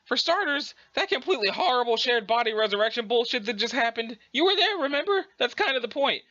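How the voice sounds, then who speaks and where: A brash, boastful ghost troll girl, as a male reader plays her, swearing freely. The voice is high and bright, recorded a little dull and lo-fi. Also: lively intonation, fast, heavily acted.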